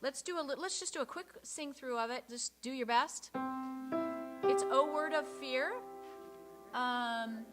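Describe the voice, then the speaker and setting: A choir director speaks in a high voice at a measured pace, leaving long pauses. She counts out beats and demonstrates parts by singing, patient and encouraging, in a rehearsal room where a piano plays behind.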